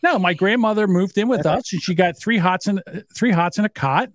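A man's voice: high voice, fairly quick, no echo, clean studio sound. A man in his fifties telling family stories in a casual, profane way and acting out the quotes himself. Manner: storytelling, profane, acts out quotes. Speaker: podcast co-host. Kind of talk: casual chat.

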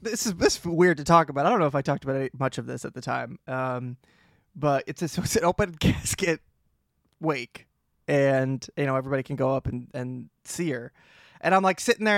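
A young man co-hosting a podcast, telling stories in a lively way and laughing often. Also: a little high, no room sound, studio quality. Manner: animated storytelling with laughs. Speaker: podcast co-host. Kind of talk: casual chat.

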